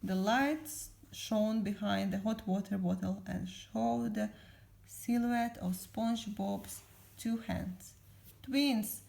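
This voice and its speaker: A mother reading a storybook aloud to her child in a calm, unhurried way. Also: mid-range voice, vocal fry.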